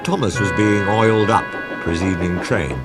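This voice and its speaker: A man narrating a children's railway story in a calm, measured way. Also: on the low side. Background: music.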